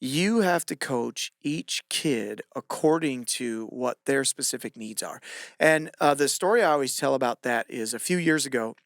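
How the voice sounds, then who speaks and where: Male gymnastics coach hosting, tells stories w/ lots of energy, gravelly voice, dry close mic. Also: mid-range voice, normal speed, dry recording. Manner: animated, acts out shouted quotes. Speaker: podcast host and gymnastics coach. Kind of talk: casual storytelling chat.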